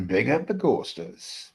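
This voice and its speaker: A man's voice: on the low side, vocal fry. A man hosting a live stream, chatting casually and swearing, talking straight to his viewers. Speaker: stream host.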